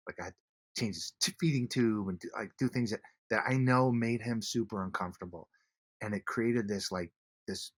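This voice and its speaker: A man, a guest on an interview podcast, telling a personal story earnestly, with many halting restarts. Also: fairly low pitch, fairly bright tone, breathy edge, dry recording.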